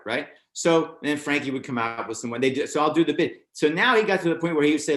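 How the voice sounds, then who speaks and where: An older American man recounts his early comedy days in a relaxed interview. He talks in an animated way, his pitch leaping up whenever he quotes someone else. The sound carries a roomy echo. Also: fast, few pauses. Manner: animated, acts out other people's lines with raised voice. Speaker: stand-up comedian guest. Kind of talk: storytelling anecdote in a casual interview.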